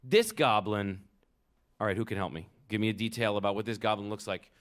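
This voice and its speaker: A man's voice: lowish voice, fairly even intonation, brisk, a bit bright. A man reading a picture book aloud to children at a live event, playful and asking the kids for details.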